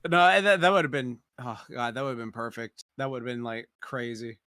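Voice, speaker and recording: A man co-hosting a podcast, chatting casually with quick reactions that trail off quietly. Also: medium pitch, clear, resonant tone, no room sound, clean studio sound.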